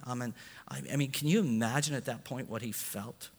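A man's voice: medium pitch, brisk, a little mellow. A man preaching a sermon as pastor, building emphasis and acting out quotes in his own voice. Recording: long echo of a large hall.

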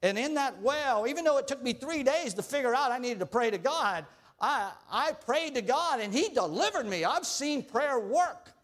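A man's voice: extremely high pitch, lively intonation, moderate pace, a bit bright, pitched above the performer's own voice. A man preaching voices a boastful prophet interviewing for a job, eager and self-assured.

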